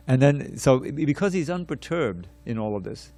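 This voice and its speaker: A man giving a scripture class, telling a story in an animated way, repeating words and restarting his sentences. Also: mid-range voice, moderate pace, no room sound.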